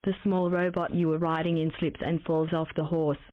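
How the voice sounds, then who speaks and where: A synthetic woman's voice reads game text in an even, mechanical way, pitched a little low. The sound is tinny and phone-like, with a dry, close feel and no room around it. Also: moderate pace, no room sound. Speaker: text-to-speech game narrator.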